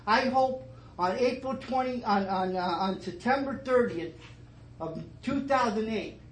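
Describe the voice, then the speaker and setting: A middle-aged man telling his story at a twelve-step meeting, starting low and emotional and rising to fervent emphasis, with many repeated phrases. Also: a little slow. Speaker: recovering alcoholic sharing his story. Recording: echoey meeting room, faint noise.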